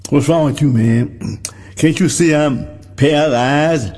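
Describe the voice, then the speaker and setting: A man's voice: on the high side, slow, darkish tone, soft background music. Weary paralyzed man, complaining and pleading, played by a preacher, reverberant hall. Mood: grumbling. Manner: plaintive, grumbling.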